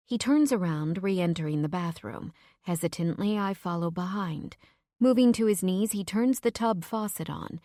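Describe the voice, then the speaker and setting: A woman with a fairly low voice reads a romance audiobook in the first person. Her telling is close and emotional, and the recording is dry with no room around it. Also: moderate pace, mellow, dry recording. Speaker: audiobook narrator.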